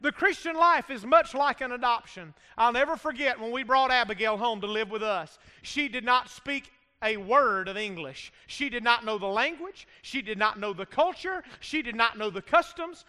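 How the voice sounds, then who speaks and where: A man's voice: very high-pitched, normal speed, bright, forceful tone, clean tone. A man preaching a sermon with emphatic delivery and frequent calls of "amen" to the congregation. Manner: emphatic preaching with frequent call-and-response amens. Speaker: pastor. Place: church sanctuary. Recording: reverberant hall.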